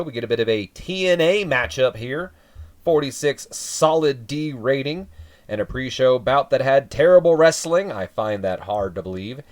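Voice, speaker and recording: A man giving casual game commentary, reading off results with dry, wry asides. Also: mid-range voice. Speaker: let's play commentator.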